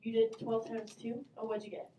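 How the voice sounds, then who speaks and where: A woman math teacher runs her class in a fairly high, mellow voice, brisk and upbeat. She asks questions and calls on students one after another. The sound is roomy and distant, with a faint hum behind her. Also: monotone. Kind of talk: classroom instruction. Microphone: distant camera mic.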